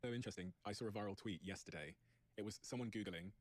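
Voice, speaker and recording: A man in a casual debate, making even, analytical points. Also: on the low side, quick pace.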